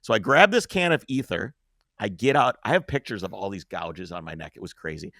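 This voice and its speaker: A man hosting a podcast, telling a long story in a casual, animated way, swearing freely and acting out the scenes. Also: lowish voice, brisk, creaky, no room sound, clean studio sound.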